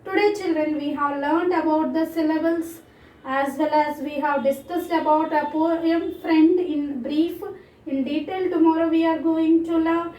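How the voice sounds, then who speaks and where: Woman teacher, Indian English accent, high voice, slow drilling delivery, roomy echo from a distant mic. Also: darkish tone. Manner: slow, clear drilling of words, repeating each one. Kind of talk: recorded online class lesson.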